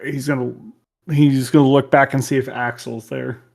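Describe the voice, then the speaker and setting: A man's voice: medium pitch, level tone, normal speed, vocal fry, darkish tone. A man playing a tabletop role-playing game who describes his character's actions in the third person. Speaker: player.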